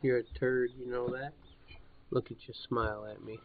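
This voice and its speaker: A man's voice: mid-range voice, flat delivery, normal speed. A man giving laid-back commentary on a fishing game, chatting to his dog now and then. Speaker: gameplay commentator. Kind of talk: casual let's-play commentary. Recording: tinny, noisy lo-fi line.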